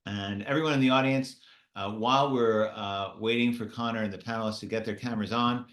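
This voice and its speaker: A man's voice: on the low side, fairly even intonation, fairly quick, fairly bright tone, echoey room. A man hosting an online conference panel, chatty and joking as he brings people in. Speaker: conference host. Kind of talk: casual video-call introduction. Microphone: video call.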